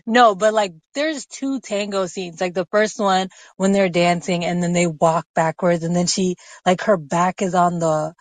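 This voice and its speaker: A woman's voice: on the low side, steady tone, unhurried, hardly any pauses, dry recording. A woman calling in to a podcast, chatting casually and gushing with laughs and gasps. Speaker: caller. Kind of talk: casual chat. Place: closet. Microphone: phone app call.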